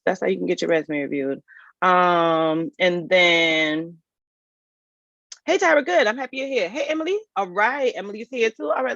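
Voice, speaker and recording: A woman's voice: lowish voice, a bit bright, no room sound. A woman coaching people through resumes on a livestream. She talks in a folksy, chatty way, straight to her viewers. Her computer mic gives a dry, slightly dull sound. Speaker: HR career coach hosting a live resume review. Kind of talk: casual livestream chat.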